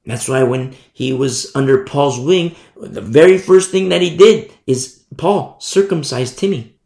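A preacher delivering an animated Bible-study sermon, often breaking off to ask the listeners "You see?". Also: medium pitch, unhurried, creaky. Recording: echoey room.

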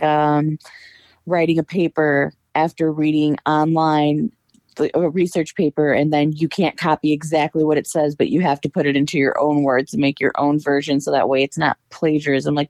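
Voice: mid-range voice, gravelly, a little mellow, dry recording. A podcast guest talking casually and hesitantly, with many fillers. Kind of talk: casual chat.

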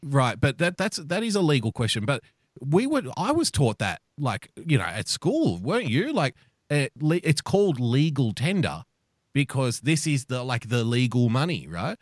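A man with an Australian accent, co-hosting a live-streamed chat show and telling a lively story, swearing freely. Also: medium pitch, moderate pace, dry recording, clean studio sound. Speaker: podcast co-host.

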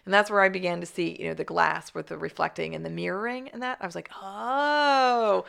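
A woman co-hosting a casual movie chat, animated, laughing often, with many fillers. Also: fairly low pitch, fast, creaky. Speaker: podcast co-host.

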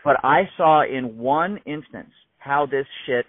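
A man in his fifties, a musician guest telling an emphatic, animated story in casual conversation, heard over a tinny phone-like line. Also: mid-range voice, a little slow, no echo. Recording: tinny phone-like dry sound.

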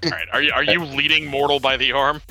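A man's voice: mid-range voice, steady tone, fast talker, pushed and bright, faint music behind. A man in a casual tabletop role-playing game, playful and jokey. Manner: playful, jokey, speaks in his character's voice. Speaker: player.

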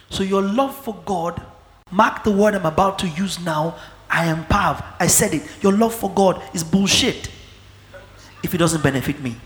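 A male preacher delivering a sermon, dropping to low murmurs and then breaking into shouts. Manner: fiery, swings between low murmurs and shouting. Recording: echoey hall.

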